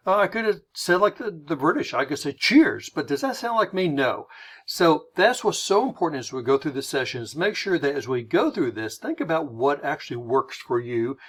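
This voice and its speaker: A man's voice: on the high side, a bit bright. An American man giving a recorded lesson in a conversational way, explaining his points with everyday examples. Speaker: teacher.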